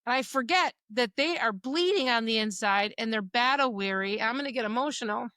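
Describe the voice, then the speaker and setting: A middle-aged woman with a bright, slightly high voice co-hosts a faith podcast, sharing personal faith talk earnestly and sometimes emotionally at a moderate pace. She quotes dialogue, and the recording is close-miked and dry with no room sound.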